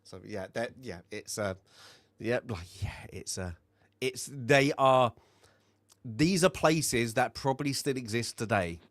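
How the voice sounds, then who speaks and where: A man co-hosting a film review show, chatting loosely and rambling through his points with plenty of fillers and restarts. His voice sits at a middling pitch. The sound is dry and close, with no room in it. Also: unhurried, no room sound. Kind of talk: casual chat.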